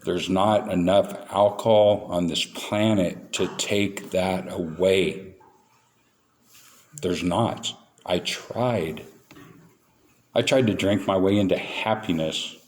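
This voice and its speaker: Male meeting speaker, low register, candid storyteller with self-mocking humor, faint background noise. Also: slow, long pauses. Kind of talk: recovery talk to a meeting.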